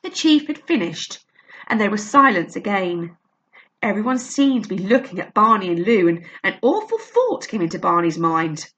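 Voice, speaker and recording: A woman reading a children's novel aloud, with a lively, expressive delivery. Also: mid-range voice, moderate pace. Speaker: storyteller.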